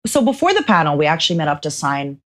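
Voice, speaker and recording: A woman co-hosting a VTuber podcast in casual chat, animated and expressive, repeating phrases for emphasis. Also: low voice, fast talker. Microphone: personal microphone.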